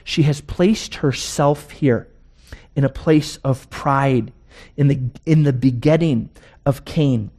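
A man preaching a sermon as pastor, emphatic, posing rhetorical questions and slowing down to stress key words. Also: medium pitch, warm tone.

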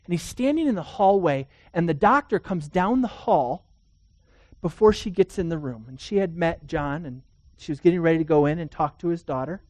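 A man preaching a sermon, telling stories earnestly, swinging between emphatic declarations and hushed, quiet passages. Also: fairly high pitch, animated, moderate pace, dry recording. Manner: earnest storytelling with emphatic rises and hushed drops.

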